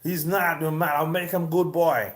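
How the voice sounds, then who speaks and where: A man's voice: fairly high pitch, level tone, normal speed, voice pushed up, lightly acted. A man doing an indignant boxer in broken English. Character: indignant male middleweight boxer.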